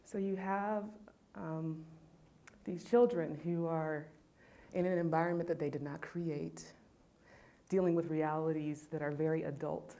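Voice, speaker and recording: A woman's voice: deep voice, steady tone, measured pace, dark tone. A woman from California speaking on a panel, telling an emotional personal service story in a heartfelt way.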